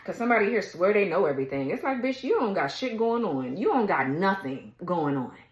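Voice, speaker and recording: A woman's voice: medium pitch, big pitch swings, brisk. Blunt, cursing woman in an echoey room. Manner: blunt, profane, heated, laughs mid-rant. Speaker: tarot reader. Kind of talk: casual ranting tarot reading.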